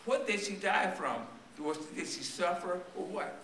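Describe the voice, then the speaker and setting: Strained-voiced preacher in an echoey church. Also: male voice, high voice, measured pace, a bit bright, slight background noise. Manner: storytelling sermon with call-and-response questions to the congregation. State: voice strained and tiring. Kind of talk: church sermon. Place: church sanctuary. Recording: echoey church recorded from a distance.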